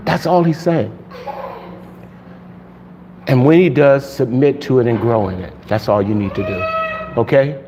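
A male pastor preaching a sermon in an animated way, laughing often and shouting for emphasis. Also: medium pitch, measured pace, pauses often, a little hiss or hum.

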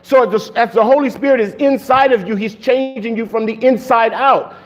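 A male pastor preaching a sermon in an animated way, laughing often and shouting for emphasis. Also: very high-pitched, fairly quick, muffled recording.

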